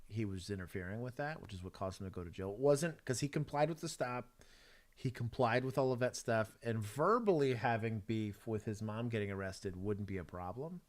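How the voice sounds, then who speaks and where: A man giving relaxed, chatty commentary on police videos as a streamer. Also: medium pitch. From Texas. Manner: relaxed, chatty, laughs often. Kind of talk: casual commentary.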